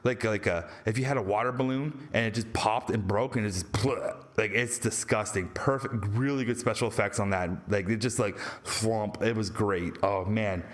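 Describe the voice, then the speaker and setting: With a voice on the low side and a moderate pace, a young Canadian guy gives a casual, excitable movie review full of spoilers, rambling, cursing freely and often laughing.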